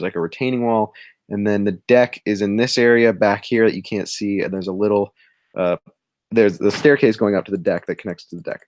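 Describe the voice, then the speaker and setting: A man's voice: on the low side, no room sound, clean studio sound. A young man co-hosting a livestream, telling a rambling story while he draws, often cutting himself off and laughing. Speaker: livestream co-host drawing. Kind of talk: casual storytelling.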